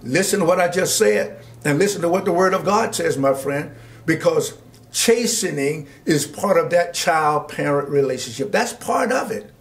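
Preaching man, pitched a bit high. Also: animated. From Georgia, US. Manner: reads scripture slowly, then preaches with rising emphasis and asides to listeners. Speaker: pastor. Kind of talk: Bible study teaching.

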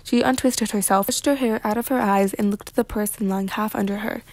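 A woman's voice: medium pitch, fairly even intonation, a little fast, a little mellow, no room sound. Woman reading a children's novel aloud. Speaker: narrator. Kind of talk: read-aloud storybook narration.

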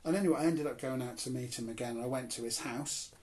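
A man's voice: medium pitch, fast talker. A man from Cornwall, a comedian and crime writer, telling a self-mocking story as an interview guest. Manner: animated, self-mocking anecdotes with acted-out quotes.

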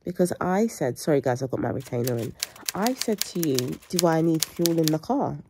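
A woman's voice: sits low, animated, fairly quick, echoey room, noisy background. A woman, chatting casually and teasing playfully in a vlog. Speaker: vlogger.

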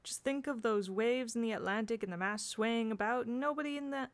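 A woman's voice: fairly high pitch, a little fast, voice pushed up, natural voice. Woman reading a mischievous boy, teasing and drawn out, in her own voice. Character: teasing cheeky schoolboy.

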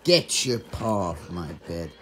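A man's voice: sits low, big pitch swings, takes it slowly, crowd noise, exaggerated voice. A man voicing his big male pet dog, who impatiently demands things from his owner, calling him dad, with dogs heard behind. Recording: barking dogs and clicks behind.

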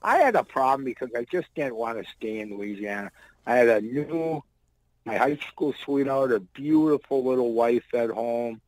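A man's voice: medium pitch, lively intonation, normal speed, no echo, poor audio. A man in his sixties, a former wrestler, telling loose, rambling anecdotes in blunt, salty words. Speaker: guest, former pro wrestler. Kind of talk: casual storytelling.

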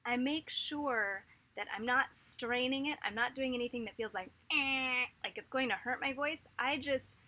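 A woman teaching a vocal warm-up lesson to children, cheerful and encouraging. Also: sits high, normal speed, few pauses.

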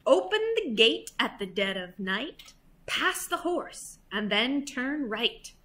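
A sneaky thief from a children's storybook plotting in a hushed, conspiratorial tone, as a woman reads him aloud. The voice stays high and bright, and it is slow and careful. He sounds secretive. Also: very animated, full character voice. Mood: scheming.

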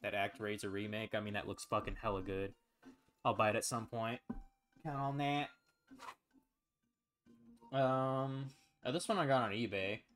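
A man with a fairly low voice talks casually to his stream, rambling and relaxed, filling gaps with "um" and "like" and swearing now and then. Soft music plays faintly behind him. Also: normal speed, long pauses. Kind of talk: casual chat.

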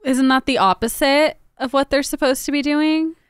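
A woman's voice: sits high, normal speed, no room sound, clean studio sound. A young woman from Tennessee co-hosting a casual podcast, blunt and swearing freely. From Tennessee, USA. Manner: blunt, swearing, animated reactions. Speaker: podcast co-host. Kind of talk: casual chat.

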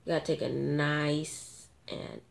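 A woman commentating her own gameplay, excitable and gasping at sudden moments, thinking aloud and talking to viewers. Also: low voice, takes it slowly, gravelly. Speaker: gamer.

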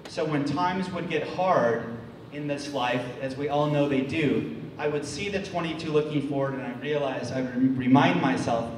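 Man from the states in his forties, faltering storyteller, slightly high voice, far off in a reverberant hall. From United States. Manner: halting, repeats words, restarts often. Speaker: speaker. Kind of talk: storytelling talk to an audience. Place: large hall. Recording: echoey hall, distant mic, faint noise.

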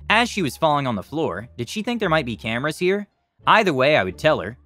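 A man narrating online stories in a scripted, expressive storytelling style. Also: a little high, quick pace, faint music behind.

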